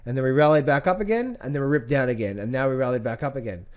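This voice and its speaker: A man's voice: mid-range voice, rapid-fire, smooth. A man teaching trading as he walks through charts, repeating key phrases and asking rhetorical questions. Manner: repetitive, rhetorical questions, animated pointing out. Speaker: trading educator. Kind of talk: screen-share chart walkthrough.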